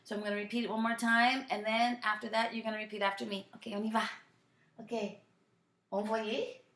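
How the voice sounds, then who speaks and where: Patient French teacher in an echoey room. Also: female voice, a little high, little pitch movement, a bit bright. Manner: patient, drills conjugations slowly and repeats often. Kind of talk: recorded classroom lesson, switching between French and English.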